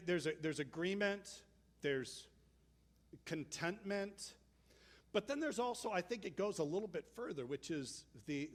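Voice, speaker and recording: A man pastor giving a sermon in a conversational, animated storytelling way. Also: sits high.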